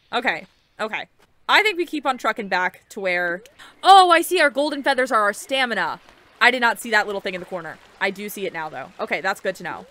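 A young woman giving casual, excitable let's-play commentary while playing a game, chatty and swearing casually. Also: mid-range voice, a little fast, dry recording. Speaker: gaming video creator.

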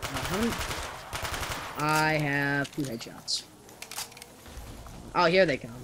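A young man chatting and planning out loud while playing a co-op game. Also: fairly high pitch, takes it slowly. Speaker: gamer. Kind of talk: let's play commentary. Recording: game noise behind voice.

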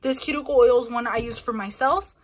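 Chatty young woman, quick and nervous. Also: on the high side. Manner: fast, chatty, nervous, lots of fillers. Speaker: nail artist showing her workspace. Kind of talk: casual room-tour vlog.

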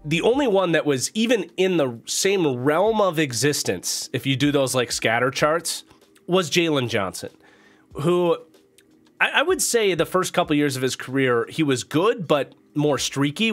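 A man's voice: fairly high pitch, lively intonation, normal speed. Nasal man giving casual football commentary. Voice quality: nasal from a cold. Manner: chatty, thinking aloud with fillers and restarts. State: recovering from a cold. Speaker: football analyst and channel host.

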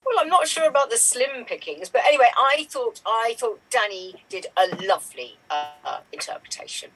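A woman with a very husky voice, chatting in a friendly way. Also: a little high, expressive, normal speed, a bit bright, faint music behind, poor audio. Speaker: improv panelist.

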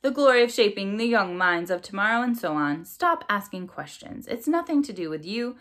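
A woman's voice: mid-range voice, animated, moderate pace, a bit bright, natural voice. A woman voicing a cold, impatient crow father who is a politician and speaks curtly and sneeringly. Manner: curt, sneering.

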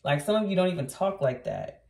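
Low-voiced woman doing a tarot reading. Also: lively intonation, a little fast, darkish tone, far from the mic. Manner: blunt, chatty, swears freely. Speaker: tarot reader. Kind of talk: casual tarot reading to viewers. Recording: roomy echo, voice off-mic.

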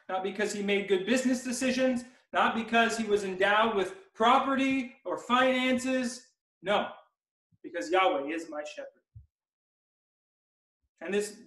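A man preaching an expository sermon as pastor, emphatic and slowing down to stress key words. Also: high-pitched, fairly bright tone, reverberant, far from the mic, poor audio. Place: church sanctuary.

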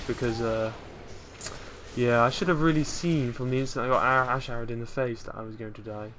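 A man talks over his gameplay in a relaxed, rambling commentary. He keeps undercutting himself with dry, self-mocking jokes. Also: medium pitch, a little fast, slight background noise. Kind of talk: casual game commentary.

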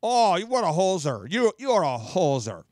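A man's voice: high voice, big pitch swings, moderate pace, darkish tone, no echo, studio quality. A man voicing a folksy Minnesotan local with a Minnesotan accent.

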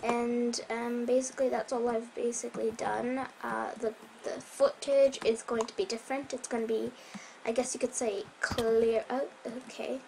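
A woman casually commenting on her gameplay, rambling and correcting herself, sometimes dropping to a soft whisper, her voice a bit strained. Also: fairly high pitch, little pitch movement, moderate pace, creaky, slight background noise, poor audio. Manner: rambling, self-correcting, chatty. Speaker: Minecraft let's player.

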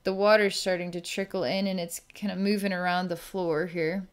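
Woman psychic healer, smooth clear tone, halting and searching, narrating visions live. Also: fairly low pitch, level tone. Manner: halting, searching, describes visions as they come. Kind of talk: narrating a distance healing vision.

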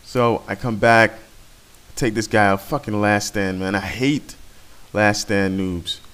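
Speaking on the low side with a fairly bright tone, this man keeps a measured pace while talking over his gameplay. As a commentator he's rambling and profane, frequently breaking off to begin again.

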